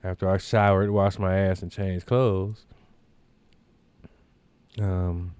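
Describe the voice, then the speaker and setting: A man's voice: deep voice, little pitch movement, slow pace, a little mellow, clear, resonant tone, no echo. A man hosting a podcast, telling a rambling, profane anecdote in casual chat with lots of asides. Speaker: podcast host. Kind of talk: casual storytelling.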